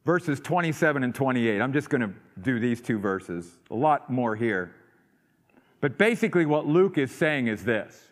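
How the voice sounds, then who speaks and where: Emphatic male preacher in echoing sanctuary. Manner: swings from loud emphatic peaks to low quiet asides. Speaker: pastor. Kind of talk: sermon. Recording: long hall reverb.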